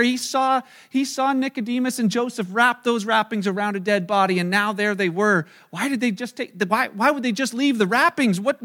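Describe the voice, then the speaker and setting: A man preaching a sermon, retelling a story with lively acted-out quotes and casual asides. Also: extremely high pitch. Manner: animated storytelling, acting out quoted voices. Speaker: pastor.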